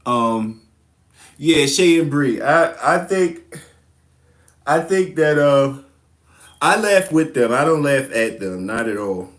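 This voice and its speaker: A man's voice: medium pitch, animated, takes it slowly, pauses often. A man hosting a casual livestream, answering viewer comments, laughing often and teasing the commenters playfully. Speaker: livestream host.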